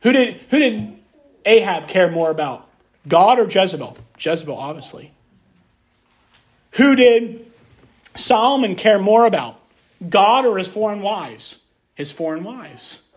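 A man preaching a sermon, reading scripture aloud and then explaining it with emphatic repetition and rhetorical questions. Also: high voice. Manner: emphatic, repeats key phrases, rhetorical questions.

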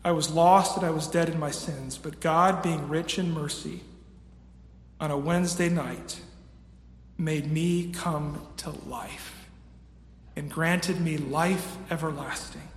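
A man in his thirties preaches a sermon in a slightly high voice, moving between hushed stretches and raised emphatic peaks. His voice rings around a large, echoey church hall with a long reverb tail. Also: fairly even intonation, takes it slowly. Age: 30s. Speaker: pastor. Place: church sanctuary with a screen.

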